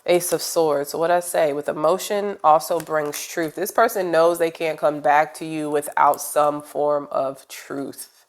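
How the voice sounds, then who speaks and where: A woman's voice: low voice, steady tone, a little slow. A woman with a cold giving a casual tarot reading, speaking straight to her viewers in a chatty, rambling way with plenty of fillers. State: congested with a cold. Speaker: tarot reader.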